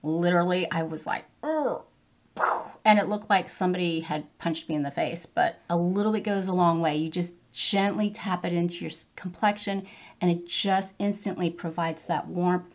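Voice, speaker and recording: Fifties woman, beauty vlogger, low-pitched and effusive, talks viewers through a makeup routine with eager praise. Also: steady tone, normal speed. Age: 50s. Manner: gushing, enthusiastic product praise. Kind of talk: get-ready-with-me makeup tutorial.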